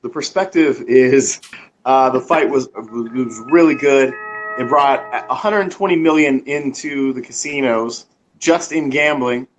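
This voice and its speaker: Guy co-hosting a chat show, slow and blunt, trips over his words, mid voice. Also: mid-range voice, slight background noise, low-quality recording. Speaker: co-host. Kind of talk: casual chat.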